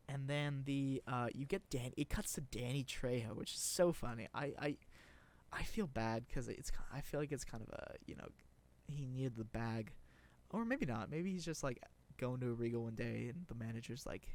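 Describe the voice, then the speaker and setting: A man's voice: mid-range voice, normal speed. A young man rambling through casual commentary, sarcastic and profane, with many restarts. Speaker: video creator.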